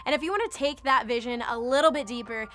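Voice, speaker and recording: A woman's voice: on the high side, quick pace, a bit bright, slight background noise. A woman giving an upbeat, scripted church welcome announcement.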